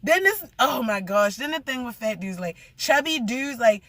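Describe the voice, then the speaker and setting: A woman's voice: fairly high pitch, lively intonation, moderate pace, a bit bright. A young woman rambling through a blunt, profane story in a casual vlog rant.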